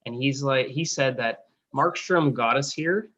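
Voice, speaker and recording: Bright, forceful male co-host on a dull-sounding call line, rambling. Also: mid-range voice, measured pace. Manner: rambling, filler-heavy. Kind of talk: casual sports talk. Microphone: video call.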